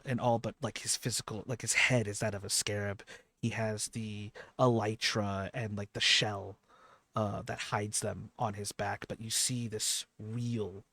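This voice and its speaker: Slow gravelly gm guy, lots of uhs, dry sound. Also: on the low side, a bit bright, no echo. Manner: halting, with many fillers. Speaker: game master. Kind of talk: narrating a tabletop game.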